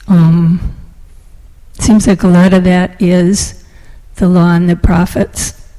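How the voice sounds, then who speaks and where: A woman sharing thoughts in a class, speaking slowly and haltingly. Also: lowish voice, little pitch movement, mellow, long reverb tail, rough recording. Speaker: class participant.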